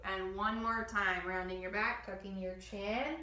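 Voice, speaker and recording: A woman guiding a children's yoga class, giving gentle step-by-step instructions and demonstrating breath sounds. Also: mid-range voice, fairly even intonation, a little slow, reverberant, far from the mic, a little hiss or hum, rough recording. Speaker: kids yoga teacher.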